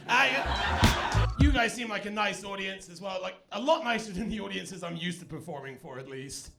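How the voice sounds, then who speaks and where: A man's voice: high-pitched, moderate pace, gravelly, over music. A man from England with an English accent tinged with Austrian, doing a sardonic, self-mocking stand-up comedy set. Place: comedy stage before a live audience.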